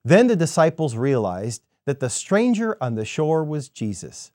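A man giving a scripted devotional sermon in an expressive storytelling manner. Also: a little high, no echo, studio quality. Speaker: devotional speaker.

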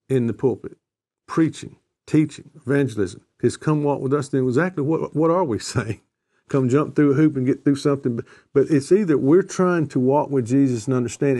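Warm-voiced man telling earnest stories. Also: mid-range voice. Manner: earnest storytelling, repeats phrases for emphasis. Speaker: discussion guest. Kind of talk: conversational theology discussion.

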